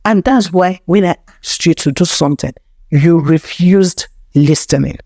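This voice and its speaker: A woman's voice: fairly low pitch, a little slow, mellow, dry recording, studio quality. A woman voicing a wounded young man who rebukes his bride. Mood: reproachful. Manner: reproachful, accusing.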